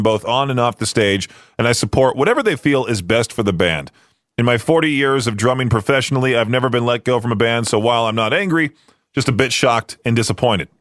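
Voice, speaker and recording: A male podcast host in loose, easygoing talk-show commentary. His voice sits at a middle pitch and sounds close and dry, with no room around it. He rambles along with fillers and restarts. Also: a bit bright, no echo.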